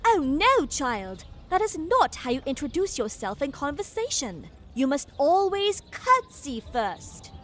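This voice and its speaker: A woman's voice: sits high, sing-song, unhurried, few pauses, a bit bright, a little hiss or hum, full character voice. An actress playing a prim, etiquette-obsessed noble lady in a video game, fussy and affected.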